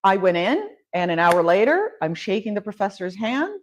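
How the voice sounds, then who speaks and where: Woman in her 50s, guest on a chat show, tells stories with lots of laughs, middle-pitched voice. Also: normal speed, slight background noise. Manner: animated storyteller, laughs often. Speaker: luxury home builder, guest. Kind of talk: casual interview chat.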